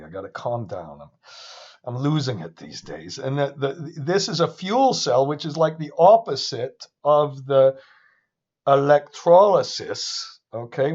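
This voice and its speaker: A man giving a casual, rambling lecture on a screen share, excitable and often interrupting himself. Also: on the high side, dull audio. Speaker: finance instructor.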